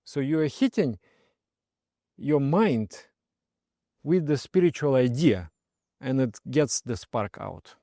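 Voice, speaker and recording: Male meditation teacher, gentle storyteller, medium pitch, dry recording. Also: lively intonation, slow, pauses often, no room sound. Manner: soft-spoken, often trails off quietly, laughs while telling stories. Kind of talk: personal story and spiritual advice.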